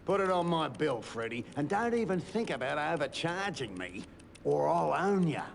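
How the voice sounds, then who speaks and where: A smug rich businessman in a video game, all gravel and sneer. His pitch swings widely as he talks down to others, and every line carries a threat. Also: sing-song, normal speed, slight background noise.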